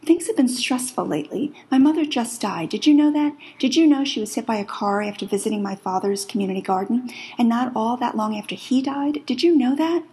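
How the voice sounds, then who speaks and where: A woman's voice: on the high side, sing-song, moderate pace, vocal fry, a little mellow. Woman reading as a stressed, defensive mother. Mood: indignant. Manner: indignant, rising rhetorical questions.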